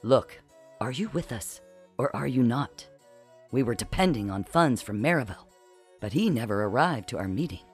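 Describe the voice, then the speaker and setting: A narrator voicing a sly, scheming male spy who talks low and conspiratorially in an audiobook. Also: expressive, normal speed, faint music behind, lightly acted. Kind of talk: audiobook character voice.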